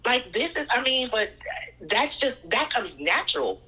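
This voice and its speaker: A woman's voice: on the high side, unhurried, husky, low-quality recording. A woman guest telling personal stories in a conversational way, acting out other people's lines. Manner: animated, quotes people in voices. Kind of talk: conversational storytelling.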